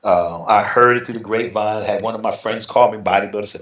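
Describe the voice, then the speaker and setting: A man's voice: lowish voice, a little fast. Middle-aged guy telling old stories, acts out the quotes, echoey room, kinda muffled. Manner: animated, acts out quotes in other voices. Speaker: interview guest, retired bodybuilder. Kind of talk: casual storytelling. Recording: roomy, slightly dull sound.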